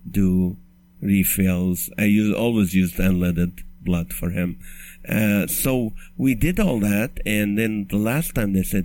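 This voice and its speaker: Middle Eastern comedian telling a story. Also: male voice, low voice, a little mellow. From Middle East. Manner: conversational, joke-laced, frequent restarts. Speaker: comedian and podcast host. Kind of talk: storytelling monologue.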